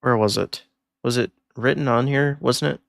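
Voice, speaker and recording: A man's voice: medium pitch, moderate pace, creaky, dry recording, studio quality. A man streaming a video game and rambling through casual commentary while thinking aloud.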